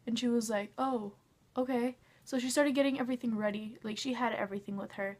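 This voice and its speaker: Young woman, storytime vlog, gushing, chatty, fillers of "like", higher voice, level melody. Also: steady tone, fairly quick, darkish tone. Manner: gushing, says "like" a lot, acts out quotes. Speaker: fan telling a concert story.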